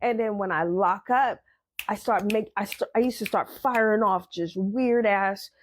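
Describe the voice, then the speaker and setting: A woman's voice: medium pitch, unhurried, a little hiss or hum. Woman, podcast host, blunt motivational monologue; emphatic, repetitive, casual swearing.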